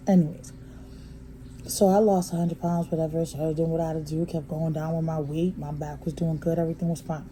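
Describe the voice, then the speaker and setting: A woman vlogger, telling a story in a blunt, profane way that moves from hushed to heated. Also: sits low, level tone, brisk, noisy background. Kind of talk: casual storytime vlog. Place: motel room.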